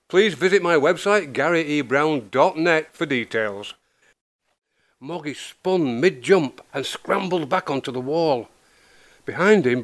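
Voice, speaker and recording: Guy reading his own kids book out loud, lots of expression. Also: fairly high pitch. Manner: expressive storytelling. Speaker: author.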